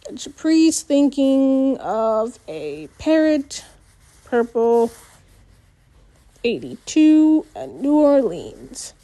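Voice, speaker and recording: Female audiobook narrator, high-pitched and slow, measured first-person storytelling. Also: big pitch swings, mellow. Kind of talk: audiobook reading.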